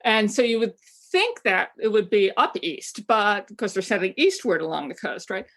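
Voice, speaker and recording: A woman's voice: medium pitch, lively intonation, moderate pace, a bit bright. A woman from Maine, a travel guidebook writer, chatting enthusiastically as an interview guest, with frequent fillers and restarts. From Maine, USA. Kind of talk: casual interview chat.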